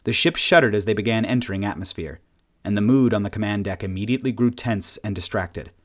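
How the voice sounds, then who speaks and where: A man with a low voice reads a story aloud in a steady, plain manner. His narration is calm and even as he carries the action forward between lines of dialogue. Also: quick pace. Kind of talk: audiobook narration.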